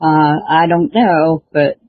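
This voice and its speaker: Husky, hesitant woman author. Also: low-pitched, steady tone, takes it slowly, no echo. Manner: hesitant, full of fillers and restarts. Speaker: author and show host. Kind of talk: casual chat. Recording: dull lo-fi dry recording.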